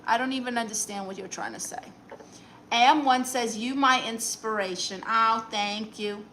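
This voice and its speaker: A woman hosts a comic livestream as a self-styled aunt, reading out chat messages and tossing back sassy, deadpan replies. Her voice sits fairly high and sounds bright and forward, with a faint hiss of noise underneath. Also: moderate pace, low-quality recording. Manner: sassy, dry comebacks to chat.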